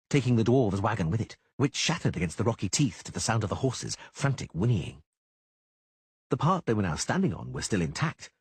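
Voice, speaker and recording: Husky man narrating an audiobook. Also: fairly low pitch, no room sound. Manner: dramatic, lively reading. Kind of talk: scripted narration.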